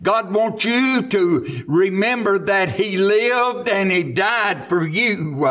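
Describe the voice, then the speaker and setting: A man's voice: high voice, animated, slow, a bit bright. A man with a Southern US accent preaching a sermon in a church, fervent and full of "uh" fillers. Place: church sanctuary.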